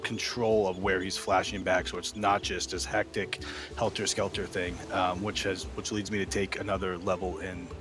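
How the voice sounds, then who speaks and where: Male player, lowish voice, reflective explanation over music. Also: little pitch movement, moderate pace. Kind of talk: casual tabletop play.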